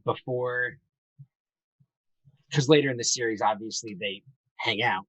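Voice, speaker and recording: A man's voice: mid-range voice, a little slow, fairly bright tone, dry recording, highs cut off. Man, casual chat, rambling, enthusiastic, swears freely, distant mic, dry room.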